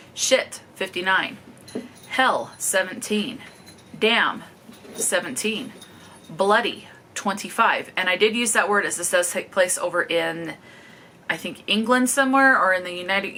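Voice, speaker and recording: Bright-voiced woman reviewing books. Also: mid-range voice, a little hiss or hum. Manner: matter-of-fact, reads out tallies, checks in with "okay?". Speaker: book reviewer. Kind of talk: casual book review vlog.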